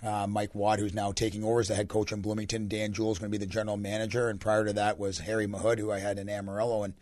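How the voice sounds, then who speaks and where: A young Canadian man, a hockey coach with a deep, raspy voice, answering radio interview questions in a relaxed, rambling way. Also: very fast, no room sound. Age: young adult. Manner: relaxed, rambling answers with many fillers and restarts.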